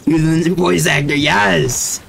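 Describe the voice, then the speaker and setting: A man's voice: a little high, steady tone, slow, vocal fry, fairly bright tone, husky. A young man casually commentating his gameplay, hyped and constantly saying "bro.". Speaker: gaming streamer.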